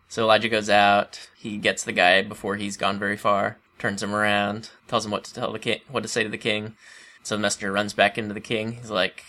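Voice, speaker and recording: A man co-hosting a casual chat, retelling stories with animated humor and laughter. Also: on the low side, a little fast. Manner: animated, laughing storyteller who acts out quotes.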